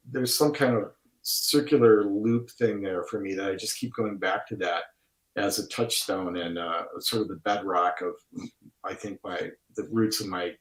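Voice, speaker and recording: A man with a Wisconsin accent talking reflectively and at length in a casual conversation, with drawn-out vowels. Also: on the low side. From Wisconsin, USA. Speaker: guest artist. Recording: roomy echo.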